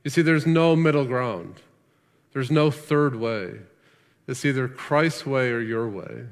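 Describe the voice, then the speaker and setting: A man's voice: medium pitch, takes it slowly, in a large hall. A man preaching a sermon as pastor, earnest and emphatic, asking rhetorical questions.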